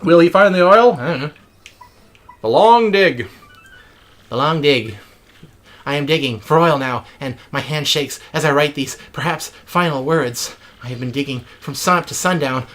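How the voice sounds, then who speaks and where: A man's voice: on the high side, moderate pace, fairly bright tone. A man hosting a let's play, reading in-game text with mock drama and joking asides.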